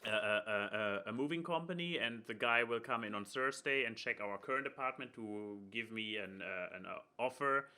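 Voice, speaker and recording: Bright-voiced young man, halting chat. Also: medium pitch. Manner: halting, many fillers and restarts. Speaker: podcast co-host. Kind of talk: casual chat.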